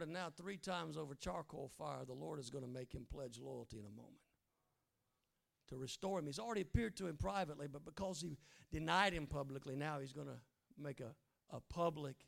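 A middle-aged man preaching an animated sermon, swinging from loud acted lines to low, hushed asides. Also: gravelly. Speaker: guest preacher.

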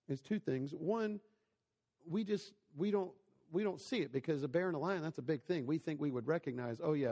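A man in his forties preaching a sermon in a large hall with a long echo. His voice sits a little high and has a gravelly edge. He talks like he is telling stories to friends, often asking the listeners questions. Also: mellow. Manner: storytelling, conversational, rhetorical questions to listeners.

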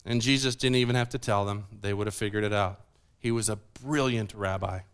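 A man's voice: on the low side, fairly quick, clear, resonant tone. A man preaching a sermon, explaining scripture and putting questions to the congregation. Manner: animated, asks the audience questions.

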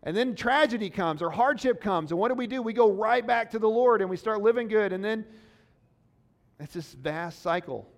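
A man's voice: sits high, animated, normal speed. A man preaching a sermon in an earnest, conversational way, asking the congregation rhetorical questions. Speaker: pastor.

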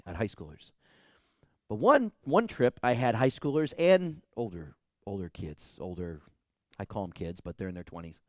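A male pastor preaching a sermon in animated storytelling, acting out dialogue and swinging from loud to hushed. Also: mid-range voice, dry recording, studio quality.

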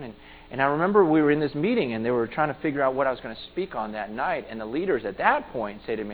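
A man's voice: medium pitch, lively intonation, quick pace, a little hiss or hum. A man preaching a sermon, earnest and pleading, often repeating his words as he urges the listeners. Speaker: pastor. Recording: phone-like sound with long hall reverb.

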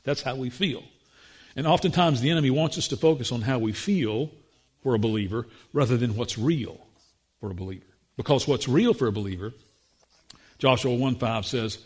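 A man's voice: medium pitch, lively intonation, normal speed, husky. A man preaching a sermon as pastor, earnest, with frequent restarts and rhetorical questions.

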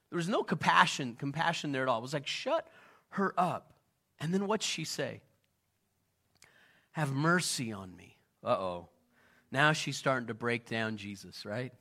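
Middle-aged guy preaching, chatty, keeps asking the crowd stuff, bright sharp voice. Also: on the high side. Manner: conversational, questions the audience. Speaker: pastor. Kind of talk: sermon.

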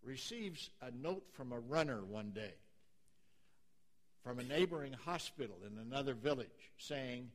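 A pastor preaching a sermon, moving from quiet storytelling to emphatic, passionate preaching. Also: male voice, mid-range voice, lively intonation, measured pace.

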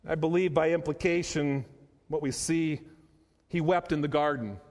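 Delivering a sermon, a male pastor speaks in a fairly high, slightly mellow voice with a steady tone. Phrases get repeated and important words are drawn out slowly, and every line trails off into the long reverb of a big hall.

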